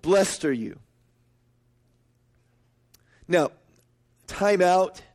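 High-voiced preaching man. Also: very slow. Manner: storytelling, emphatic, rising to high excited pitch. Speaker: pastor. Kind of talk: sermon.

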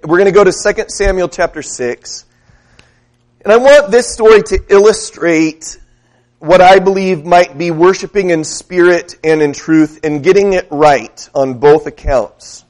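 A male preacher gives a sermon in a fairly high voice. He tells stories in an easy, conversational manner. He often stops to ask his listeners questions. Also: a little mellow. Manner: conversational storytelling with questions to the congregation.

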